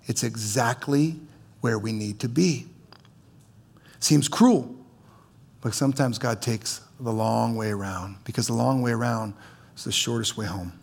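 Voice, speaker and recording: A man's voice: medium pitch, creaky. A man preaching as a pastor in a church, conversational, with stammering restarts and teasing humor. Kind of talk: sermon.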